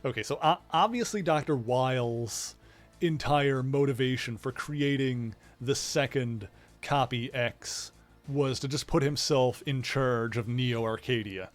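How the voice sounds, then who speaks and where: A man's voice: medium pitch, measured pace, faint music behind. A man casually explaining a game's story while streaming it live, rambling and greeting viewers in chat. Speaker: livestreamer playing a video game. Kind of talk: casual let's-play commentary.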